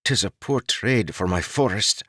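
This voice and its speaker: A man's voice: lowish voice, lively intonation, a little slow, fairly bright tone, slightly rough, no echo, studio quality, voice pushed up, full character voice. A man doing an anxious young woodcutter. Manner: anxious, uncertain questions. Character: naive young male woodcutter, anxious and earnest.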